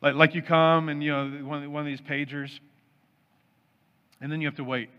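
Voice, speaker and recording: A man's voice: on the high side, little pitch movement, moderate pace, clean tone. A middle-aged man preaching a sermon, chatty and storytelling, asking the audience questions. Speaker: pastor. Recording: muffled sound with long hall reverb.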